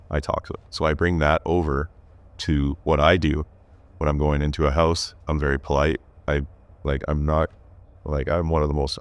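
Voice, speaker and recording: Easygoing plumber, very low voice, dry close sound, loose rambling podcast talk. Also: male voice, smooth, no room sound. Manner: easygoing, talks in long loose runs. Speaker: plumber and fly fishing guide. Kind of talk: casual podcast conversation.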